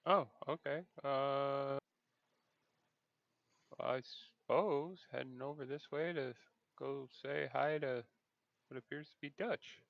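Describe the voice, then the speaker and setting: Gravelly, hesitant male player. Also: medium pitch, steady tone, slow, long pauses, no room sound, highs cut off. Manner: hesitant, full of fillers. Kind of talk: casual tabletop play.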